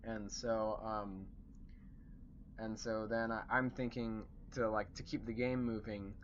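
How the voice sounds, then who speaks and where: A man's voice: lowish voice, level tone, slow pace. Man rambling through a game recap. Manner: rambling, lots of fillers and restarts. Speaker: dungeon master. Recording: dull lo-fi recording with faint hiss.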